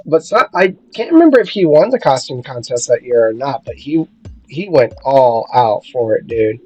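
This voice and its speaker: A man co-hosting a gaming video, chatting casually and telling stories with lively acted-out quotes. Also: mid-range voice, moderate pace, husky, poor audio. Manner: lively storyteller, acts out quotes. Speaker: gaming channel co-host. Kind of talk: casual chat while playing a game.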